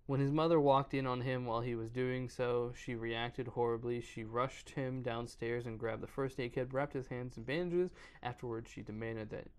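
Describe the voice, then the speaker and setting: Man, podcast host, casual horror story reading, gravelly, stumbles over words. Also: mid-range voice. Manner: reads aloud, stumbles, breaks off to joke.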